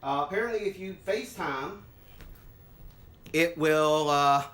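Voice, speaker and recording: A middle-aged vlogger excitedly setting up an old home computer, thinking aloud and tripping over words with delight. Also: medium pitch, a little slow. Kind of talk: casual unboxing and setup commentary.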